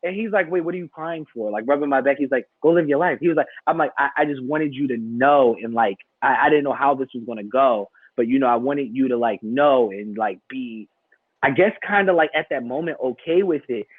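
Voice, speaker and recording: A man co-hosting a casual panel talk, telling a personal story in an animated way and acting out the dialogue. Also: mid-range voice, fairly quick, breathy edge, no echo. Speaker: podcast co-host. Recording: dry, thin phone-like sound.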